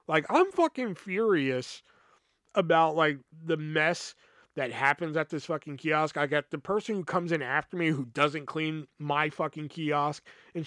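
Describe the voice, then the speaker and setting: Young male podcast host, casual profane storyteller, slightly raised pitch, dry close sound. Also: moderate pace, no room sound. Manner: profane, animated retelling with quoted dialogue.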